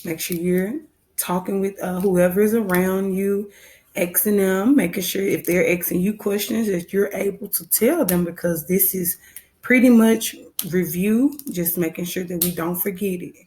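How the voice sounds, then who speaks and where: A woman's voice: mid-range voice, steady tone, moderate pace, dark tone, slight background noise. A woman first grade teacher with a Southern American accent, patiently walking young children through a phonics lesson and repeating her instructions.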